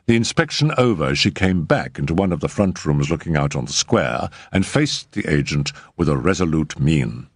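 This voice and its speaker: Deep husky guy reading an old short story, lively delivery, dry sound. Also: normal speed, hardly any pauses, no room sound. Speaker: narrator. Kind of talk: audiobook narration.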